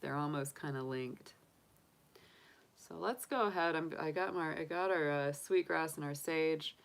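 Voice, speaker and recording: A woman's voice: sits low, measured pace, creaky, clear, resonant tone. A woman, hosting a tarot live stream, chatting openly and emotionally with viewers and laughing often. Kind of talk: casual live-stream chat.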